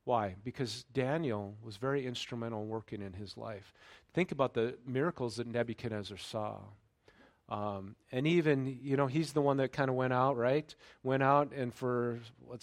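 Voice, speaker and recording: A man preaching a sermon in a conversational way, checking in with the congregation and turning louder and higher when he reads scripture aloud. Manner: conversational preaching with frequent fillers and check-ins; raises pitch and volume when reading scripture aloud. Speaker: pastor.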